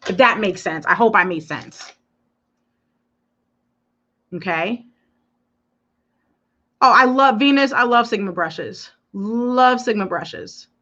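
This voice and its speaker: Speaking slowly with long pauses, this medium-pitched woman is a beauty influencer hosting a live makeup lesson. She's animated and emphatic as she talks with her audience and responds to their comments, all in dull, lo-fi stream audio.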